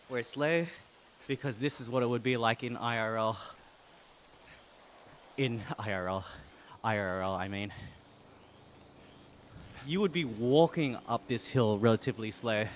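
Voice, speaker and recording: A man's voice: medium pitch, measured pace, long pauses, slight background noise. An Australian man streaming live, chatting casually and reading out chat while he cycles, laughing often. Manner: relaxed, chatty, reads chat aloud with frequent laughs.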